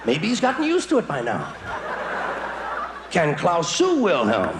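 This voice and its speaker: A man in his forties performing stand-up comedy in a large theater, with a wry, sardonic delivery and quick mock voices. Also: a little high, huge pitch swings. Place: large theater stage before a live audience. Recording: live theater recording with audience noise.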